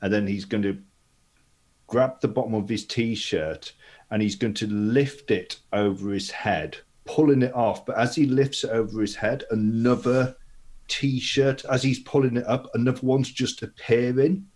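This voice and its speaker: A man taking part as a player in a tabletop game, describing his character's actions in a halting way. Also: medium pitch, steady tone, a little mellow.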